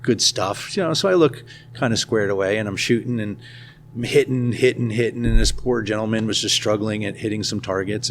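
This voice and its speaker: A man talking casually as an interview guest, an animated storyteller who works as a school nurse and firearms instructor. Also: fairly low pitch. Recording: faint background noise at a conference.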